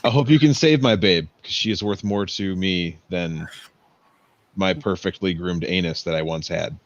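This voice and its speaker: A man's voice: deep voice, moderate pace, slight background noise. A man playing a tabletop game, making mock-grand joking speeches in character. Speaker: player. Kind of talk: in-character tabletop role-play. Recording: dry, dull lo-fi stream audio.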